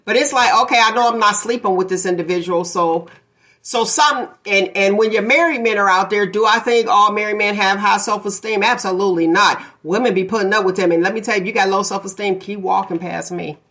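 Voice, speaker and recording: A woman's voice: mid-range voice, a little fast, fairly bright tone. A woman hosting a casual talk show, blunt and opinionated, laughing often as she gives her views. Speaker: podcast host. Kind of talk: casual chat.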